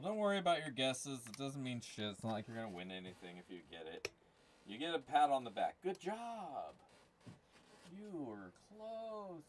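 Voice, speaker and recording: A man's voice: mid-range voice, slight background noise. A man hosting a gold prospecting giveaway stream, chatting casually with crude, rambling jokes. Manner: crude, rambling, jokey banter. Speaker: channel host running a giveaway. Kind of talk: casual livestream chat.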